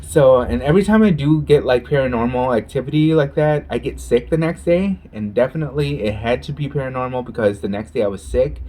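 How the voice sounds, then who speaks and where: A man's voice: mid-range voice, a little fast, hardly any pauses, warm tone. A man chatting casually while eating on camera and telling a story, with gushing exclamations and eating sounds. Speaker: mukbang vlogger.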